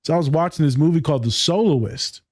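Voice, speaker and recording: A man's voice: on the high side, fast, no room sound, studio quality. A man hosting a podcast, talking casually and with emphasis, full of slang like "my guy" and free with swearing. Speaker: podcast host.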